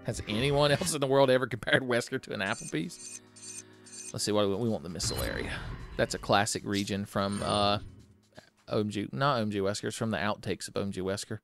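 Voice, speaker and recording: A man giving casual, profane, joking commentary over his own gameplay, rambling and breaking into loud exclamations. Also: lowish voice, fast, creaky. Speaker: let's play commentator. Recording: game music behind the voice.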